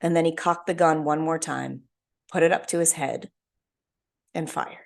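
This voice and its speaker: A woman's voice: low voice, steady tone, normal speed, vocal fry. A young woman hosting her own podcast, telling a story in an earnest, heartfelt solo talk. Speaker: podcast host.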